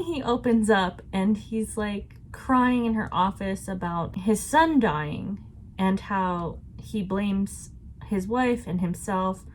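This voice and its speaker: A woman talks through a book she is reading in a casual vlog. She sounds chatty and reflective, and her voice sits at an ordinary middle pitch. A faint hiss of background noise runs under her voice. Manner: chatty and reflective, laughs often. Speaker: book vlogger.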